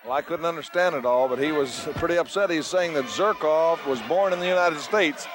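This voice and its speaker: A man calling a wrestling TV show in measured announcer commentary. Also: a little high. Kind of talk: broadcast commentary. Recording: noisy old TV broadcast.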